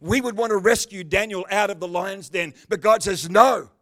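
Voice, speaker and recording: A man preaching in a church service, his voice sitting high for a man. He swings from rising, emphatic bursts to quiet, joking remarks aimed at people in the pews. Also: moderate pace. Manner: animated preaching, swings between loud bursts and calm asides; talks with the congregation by name, chatty and joking. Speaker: pastor. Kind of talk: sermon.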